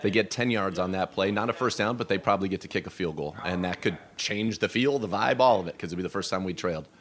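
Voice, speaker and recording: A man's voice: low-pitched, fast, a bit bright. A man hosting a sports radio show, asking long, enthusiastic questions.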